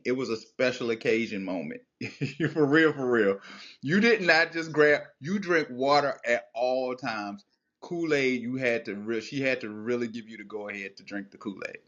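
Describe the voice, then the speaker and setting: A man talks through childhood memories as a podcast guest, reflective and then animated, in a mid-pitched voice. The audio is a touch dull and lo-fi. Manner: storytelling, reflective, animated when recalling childhood. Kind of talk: casual heartfelt conversation.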